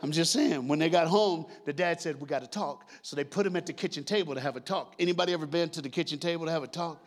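A man's voice: a little high, fast talker. A male pastor telling a story in a sermon, joking and talking back and forth with the congregation. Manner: lively, jokes with the congregation. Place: church sanctuary.

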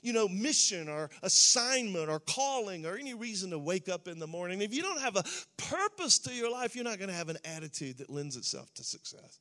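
A man delivers a sermon in a church, his voice pitched high for a man. His tone is bright and forceful, and he drives his points home with emphatic, rising exhortation. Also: very animated, fairly quick, hardly any pauses. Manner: emphatic, building to fervent exhortation. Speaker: preacher.

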